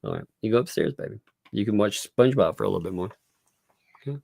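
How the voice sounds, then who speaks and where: Gravelly man chatting on a livestream. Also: fairly low pitch, animated, fast talker, dark tone, no echo, studio quality. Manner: chatty, laughs often between phrases. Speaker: livestream host. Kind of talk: casual live commentary. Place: home.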